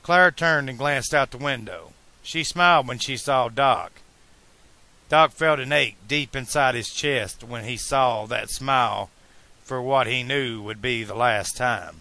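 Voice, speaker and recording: A man narrating a fan-made audiobook in a slow, deliberate reading style. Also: medium pitch, pushed and bright, no echo.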